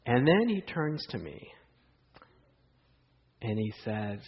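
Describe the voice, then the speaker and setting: A man's voice: mid-range voice, takes it slowly, pauses often, slight background noise. Man preaching in an echoey hall. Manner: animated storytelling with rhetorical questions to the audience. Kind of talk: sermon. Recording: dull lo-fi sound in a hall with long reverb.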